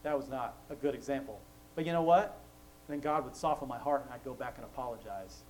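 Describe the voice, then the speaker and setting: A man's voice: medium pitch, brisk, darkish tone, poor audio. Chatty Christian man with faint hum. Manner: chatty storytelling, laughs often, acts out quoted voices. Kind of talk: casual faith talk.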